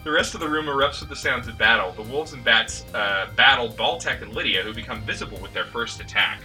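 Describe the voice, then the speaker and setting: A man's voice: medium pitch, fairly quick, bright, forceful tone. A man hosting and narrating a tabletop adventure, breaking off for joking asides. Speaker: game master and host. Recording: distant mic with background music.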